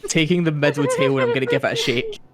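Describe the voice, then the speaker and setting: Young man, player, slightly high voice, playful, hesitant fillers. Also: huge pitch swings, quick pace, noisy background. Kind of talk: tabletop role-play with friends.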